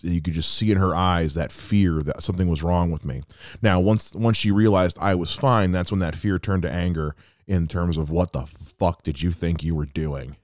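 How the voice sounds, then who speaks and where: Low-voiced guy in his 30s, dry close mic, heartfelt podcast monologue. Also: a little mellow, dry recording. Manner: earnest and reflective, with quoted asides. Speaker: podcast host.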